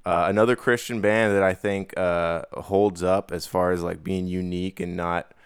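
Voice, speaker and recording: A man's voice: deep voice, flat delivery, moderate pace, clear, resonant tone, no echo, clean studio sound. A man co-hosting a podcast in casual chat, rambling with many fillers and restarts. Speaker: podcast co-host.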